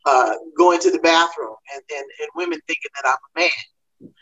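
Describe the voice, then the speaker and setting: A woman comedian talking through a panel discussion, telling her story in quick animated bursts. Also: low-pitched, muffled recording.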